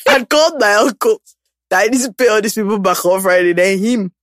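A woman in casual chat, telling stories with lively acted-out quotes and frequent laughter. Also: medium pitch, a little fast, dry recording, studio quality. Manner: animated storytelling, acts out quotes, laughs often.

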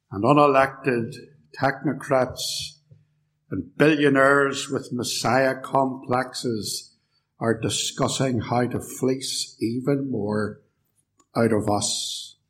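Brief: UK man, mid-pitched, sardonic lecturer in a church, faint background hum. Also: low-quality recording. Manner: sardonic, rhetorical questions. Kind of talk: live lecture. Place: church hall.

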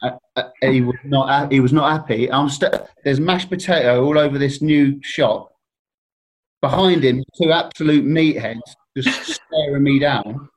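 A man spins a long anecdote in loose, easy chat. He rambles, restarts and laughs at his own mishaps. His voice sits at an ordinary middle pitch. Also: a little slow. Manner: rambling, self-deprecating, laughs often. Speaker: guest telling stories. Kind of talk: casual storytelling.

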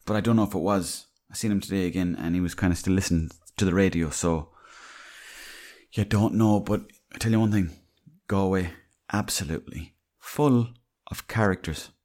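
A low-voiced Irish man talking on his own podcast. He wanders from one anecdote to the next in a loose, chatty way and swears freely as he goes. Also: normal speed, darkish tone. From Ireland. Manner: rambling, anecdotal, salty language. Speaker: podcast host. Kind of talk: casual storytelling monologue.

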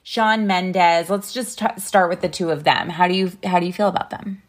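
A woman's voice: on the low side, moderate pace. A woman in her late thirties hosting a podcast, enthusiastic and gushing in casual interview chat. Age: late 30s. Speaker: podcast host.

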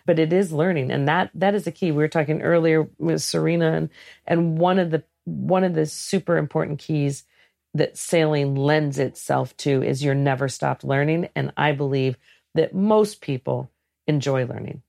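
Low gravelly woman in a casual interview, lively storyteller, acts out what people say. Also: moderate pace. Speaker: guest, head of a sailing program.

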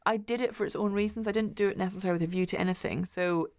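Fast-talking woman with gravelly fry. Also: mid-range voice, fairly even intonation. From Glasgow, Scotland. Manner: chatty, enthusiastic, restarts sentences. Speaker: interview guest, athlete. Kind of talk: casual interview talk.

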